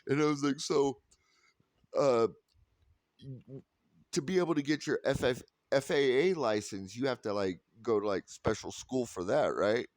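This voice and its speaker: A man's voice: mid-range voice, measured pace, no room sound. Laughing man telling a story. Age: 30s. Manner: animated anecdote telling, quoting others, laughs often; rambling with restarts and "like". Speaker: vlogger. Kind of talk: casual storytelling vlog.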